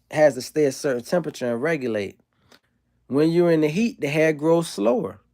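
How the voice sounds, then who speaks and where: Guy on stream going off to chat, cussing a lot, emphatic, pushing buttons, voice kinda on the high side. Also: darkish tone. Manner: profane, emphatic, provocative. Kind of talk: ranting monologue to a live chat.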